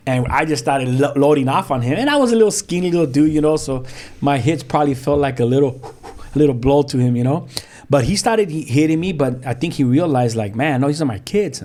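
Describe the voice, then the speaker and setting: A man's voice: mid-range voice, brisk, mellow. Street-talking man from South Central LA. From South Central Los Angeles. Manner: street slang, repeated restarts, acts out quoted voices. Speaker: pastor and podcast guest. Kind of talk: personal testimony in a podcast interview.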